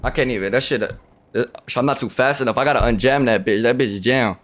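A man's voice: medium pitch, brisk. Ranting, profane young streamer man. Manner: profane, ranting, swings from loud to muttering. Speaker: livestreamer. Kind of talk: casual gameplay commentary.

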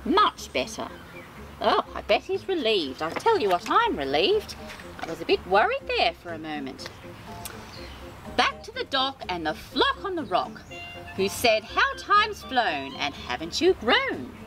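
A woman's voice: on the high side, measured pace, pauses often, poor audio. Sing-song woman reading a storybook. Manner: expressive, sing-song reading with gasps of sympathy. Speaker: storytime host. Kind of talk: children's storybook read-aloud with chatty asides. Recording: reading over background music. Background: music.

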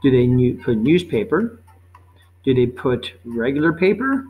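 A man teaching a life-skills quiz, reading each question slowly and patiently, then repeating it before giving the answer. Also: mid-range voice, sing-song, phone-quality sound, faint music behind. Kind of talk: quiz lesson narration.

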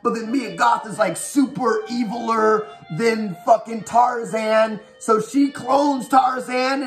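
A man giving a profane, animated, rapid-fire recap of a horror movie. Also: very high voice. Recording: echoey room with faint music.

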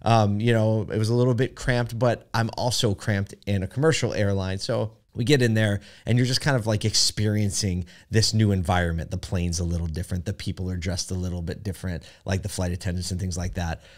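A man's voice: lowish voice, fairly even intonation, brisk, hardly any pauses. Chatty man telling a story. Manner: chatty, many fillers and asides. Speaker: podcast host. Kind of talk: casual storytelling monologue.

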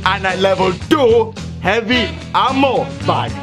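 A young man commentating his gameplay, excitable, often yelling, laughing and swearing. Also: high voice, unhurried. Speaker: gaming commentator. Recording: game music behind the voice. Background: game music.

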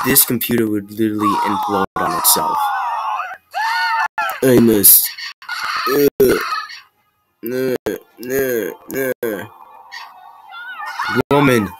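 A man giving rambling, excitable, self-mocking gameplay commentary. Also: on the low side, poor audio. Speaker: gamer.

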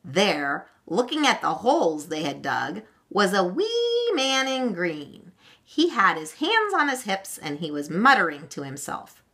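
Expressive woman reading a children's story. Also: medium pitch, a little slow. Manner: expressive, gentle. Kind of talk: read-aloud children's story.

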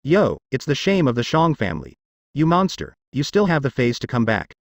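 A man voicing a mocking, arrogant young clansman, with an even, unacted delivery. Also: mid-range voice, fairly quick, gravelly, dry recording, studio quality.

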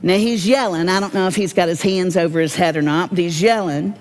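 A woman giving a devotional Bible teaching, folksy and humorous, with animated storytelling. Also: lowish voice, brisk.

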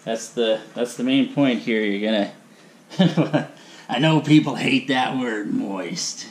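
A man's voice: mid-range voice, slow pace. A man hosting his own cooking video in a home kitchen, talking in a rambling, chatty way full of asides. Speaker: cooking channel host. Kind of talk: casual cooking vlog. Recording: echoey kitchen with faint room noise.

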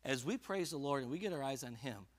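A man pastor preaching a sermon, moving from quiet personal confession to loud, fervent scripture reading in a church. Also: mid-range voice, lively intonation, quick pace. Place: church sanctuary.

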